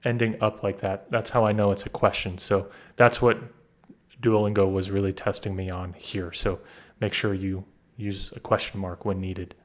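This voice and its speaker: A man tutoring through a practice test, thinking aloud, reading sentences deliberately and correcting himself as he goes. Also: low-pitched, level tone. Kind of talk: casual walkthrough of a practice test.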